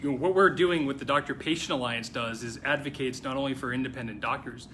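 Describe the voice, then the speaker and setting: Measured male surgeon explaining calmly. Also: mid-range voice, a little hiss or hum. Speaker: orthopedic surgeon guest. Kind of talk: conversational interview.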